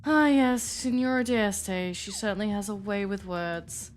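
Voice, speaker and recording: A woman's voice: mid-range voice, measured pace, soft background music, natural voice. A woman voicing a courteous male vampire with a put-on German accent, speaking stiffly and formally.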